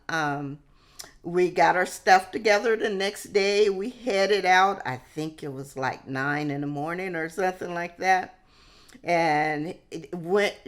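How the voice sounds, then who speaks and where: A woman vlogger telling a personal story to camera in a halting way, often restarting and dropping in "hey". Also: low-pitched.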